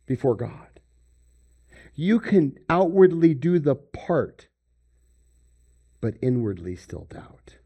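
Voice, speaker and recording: Animated preacher man with sudden hushes. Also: fairly high pitch. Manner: animated preaching, swinging between loud emphasis and hushed near-whispers. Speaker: pastor. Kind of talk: sermon.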